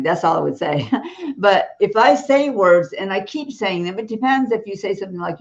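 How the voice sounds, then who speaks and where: A woman's voice: lowish voice, lively intonation, normal speed, muffled recording. Blunt, emphatic woman preaching on a talk show. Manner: blunt, emphatic, laughs between points. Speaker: guest speaker on a Christian show.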